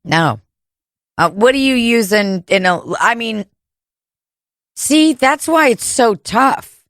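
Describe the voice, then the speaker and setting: A woman's voice: a little high, lively intonation, slow pace, a bit bright, no echo, studio quality. A woman co-hosting a comedy podcast, rambling crudely and laughing often. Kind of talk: casual comedic chat. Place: home room podcast setup.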